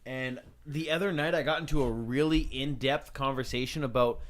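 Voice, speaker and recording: A man's voice: mid-range voice, normal speed, fairly bright tone. A man in a casual podcast chat, telling crude stories and quoting friends with plenty of laughter. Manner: laughing, crude, quotes friends in their voices.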